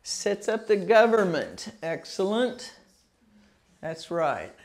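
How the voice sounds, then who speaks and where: A woman's voice: mid-range voice, big pitch swings, a little mellow. A woman teaching a citizenship test class, patiently drilling pronunciation and sounding out words syllable by syllable. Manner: slow, patient, over-enunciating words.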